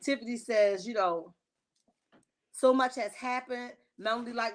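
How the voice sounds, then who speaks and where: A woman hosting a reality TV recap livestream, chatting casually with viewers in a lively, slangy, opinionated way. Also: fairly high pitch, normal speed. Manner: lively and chatty, greets chat viewers by name.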